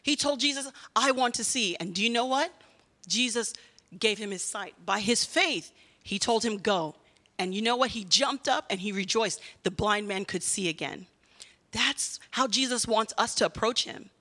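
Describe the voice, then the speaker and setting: A woman giving a children's sermon in a lively way, often asking the kids questions. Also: a little high, normal speed, long reverb tail. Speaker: children's church teacher.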